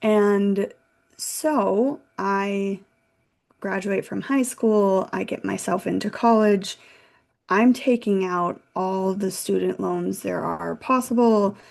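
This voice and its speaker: A financial consultant in her thirties, appearing as a guest in a casual interview, tells a candid and animated personal story. Her voice is medium-pitched and gravelly, and she takes her time.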